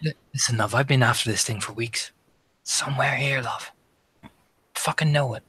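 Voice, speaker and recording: A man's voice: mid-range voice, fast, a bit bright, slightly rough, no echo. A man voicing a scheming tattooed monster hunter in a tabletop game, coaxing and calling everyone love. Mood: insistent. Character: scheming tattooed man hunting an unseen creature.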